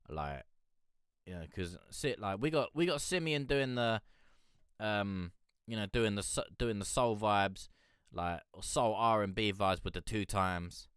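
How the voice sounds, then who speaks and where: Excitable man with lively pitch. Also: slow, clear, resonant tone, dry recording, clean studio sound. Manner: rambling, excitable, peppered with "mate". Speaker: music review show host. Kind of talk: casual live-stream commentary.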